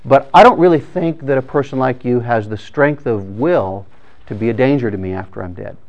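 A man doing a calm, polite samurai. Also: medium pitch, moderate pace, creaky, muffled recording, close to an everyday voice.

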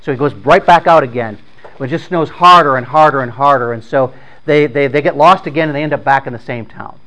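A man tells a story out loud in an informal, conversational way. His voice sits at an ordinary middle pitch. He often stumbles, repeats words and starts phrases again as he goes. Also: low-quality recording. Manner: halting, with frequent repeated words and restarts; conversational, plain-spoken.

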